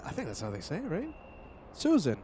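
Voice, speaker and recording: A man's voice: a little high, huge pitch swings, a little fast, heavy background noise. A man hosting a live plane-spotting stream, chatting with viewers by name while he is sick. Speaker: livestream host.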